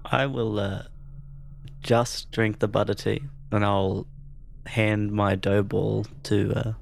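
Slow, gravelly man at a game table. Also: fairly low pitch, level tone. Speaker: player. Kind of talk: casual play at a tabletop game.

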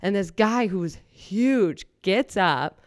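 A woman comedian telling stories in casual chat, animated, acting out the people she quotes. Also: mid-range voice, no echo, clean studio sound. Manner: animated, quick storyteller who acts out the people she quotes. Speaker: comedian guest. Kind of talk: casual storytelling.

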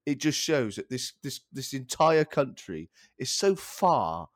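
A man's voice: medium pitch, very animated, a little slow, no room sound, studio quality. A man co-hosting a casual podcast chat, ranting in an exasperated way and swearing freely. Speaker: podcast co-host.

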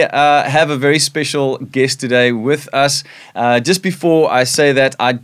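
A man's voice: medium pitch, clear, resonant tone. Upbeat South African man hosting. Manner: upbeat, friendly. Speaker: host of an online church broadcast. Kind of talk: livestream hosting.

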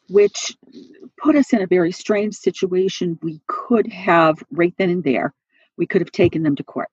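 A woman activist guest on an interview podcast, briskly laying out a timeline and laughing now and then. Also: on the low side, animated, darkish tone, slightly rough, no echo. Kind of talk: casual interview. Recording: muffled, lo-fi dry audio.

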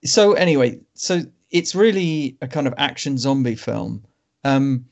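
A man's voice: medium pitch, lively intonation, measured pace, creaky. A man co-hosting a film podcast, chatting casually and wryly about a bad movie. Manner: wry, rambling, laughs at bad films. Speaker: podcast co-host. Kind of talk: casual film review chat. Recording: dull lo-fi sound.

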